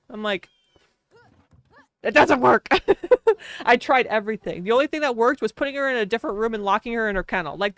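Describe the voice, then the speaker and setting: A young woman streamer chats casually over her game in a smooth, clean voice. She rambles through self-mocking stories, and the sound is dry and close with no room around it. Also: mid-range voice, fairly bright tone, no room sound. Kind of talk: casual chat while streaming a life-sim game.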